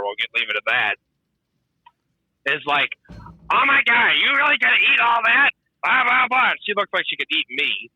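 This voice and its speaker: A man's voice: medium pitch, bright, forceful tone, dry recording, rough recording. A man in his twenties, a truck driver guest on a podcast, telling rambling stories in casual chat. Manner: storytelling, rambling with restarts.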